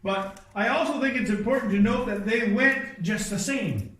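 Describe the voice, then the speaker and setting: Male pastor with a high voice, conversational sermon, distant mic in a reverberant church. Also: moderate pace, a bit bright. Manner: conversational storytelling with asides and restarts. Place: church sanctuary.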